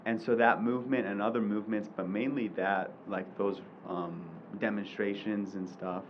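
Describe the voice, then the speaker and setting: A man's voice: fairly low pitch, little pitch movement, moderate pace, lo-fi sound, noisy background. A man in the audience asking a hesitant question full of fillers. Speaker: audience member.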